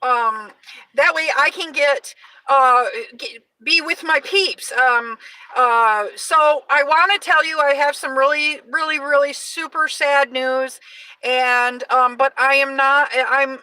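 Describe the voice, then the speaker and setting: A woman in her forties hosting a casual live stream, loud and energetic, chatting with many fillers and restarts. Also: sits high, a little slow, no room sound, distant mic, rough recording. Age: 40s.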